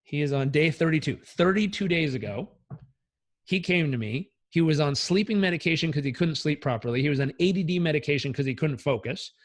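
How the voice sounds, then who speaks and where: High-ish guy coach, fired up and blunt, curses a lot, dry sound. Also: fairly quick, dry recording. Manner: energetic, blunt, swears freely. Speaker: life coach, guest. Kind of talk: casual interview storytelling.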